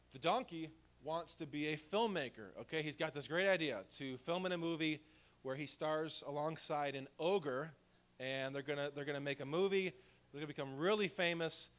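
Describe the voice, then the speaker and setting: A man's voice: a little high, fairly bright tone. A male pastor preaching a sermon in a church, in a conversational, humorous storytelling way. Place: church sanctuary.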